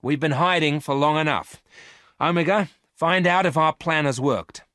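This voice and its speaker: A man voicing a greedy female space thief, raising his voice high and sharp with excitement. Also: normal speed, no echo, studio quality. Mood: excited.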